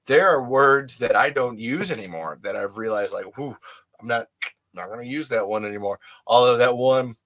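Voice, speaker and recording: A man's voice: mid-range voice, moderate pace, fairly bright tone. A man hosting a podcast, talking alone in a rambling, candid way and often restarting his sentences. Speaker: podcast host. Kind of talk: casual solo monologue.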